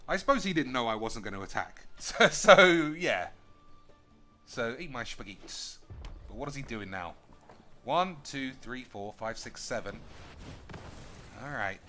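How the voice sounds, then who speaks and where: Bright-voiced London man streaming, swearing. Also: medium pitch, animated, unhurried, pauses often. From United Kingdom. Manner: joking, swears freely, thinks aloud. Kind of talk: casual gameplay commentary.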